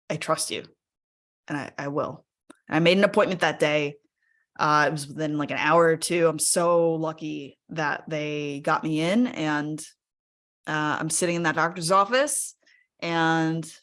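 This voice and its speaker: Woman, webinar storyteller; slightly low pitch, chatty and filler-heavy, animated when she quotes herself. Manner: conversational, fillers like 'like' and 'right?'. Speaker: speaker sharing her personal story. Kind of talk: personal story told in a live webinar.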